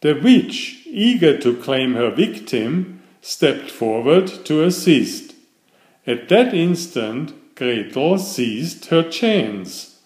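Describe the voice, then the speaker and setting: A man reading a fairytale aloud in slow, expressive, scripted storybook narration. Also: fairly high pitch. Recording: echoey room.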